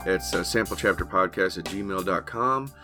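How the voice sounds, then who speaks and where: A man's voice: low-pitched, normal speed, music in the background. A man hosting a podcast, wrapping up with enthusiastic remarks and a few filler uhs. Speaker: podcast host. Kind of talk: podcast outro.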